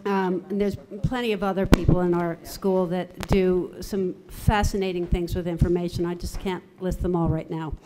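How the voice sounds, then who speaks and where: A woman's voice: lowish voice, flat delivery, very noisy. Articulate woman giving a conference talk. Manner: measured, articulate presenting with lists. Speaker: theatre voice and dialect coach. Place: university conference room.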